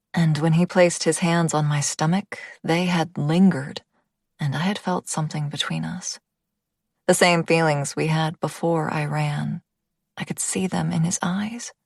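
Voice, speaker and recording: A woman's voice: low-pitched, dry recording, clean studio sound. A woman reading a first-person audiobook, intimate in tone and dropping to a whisper at tense moments. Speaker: audiobook narrator.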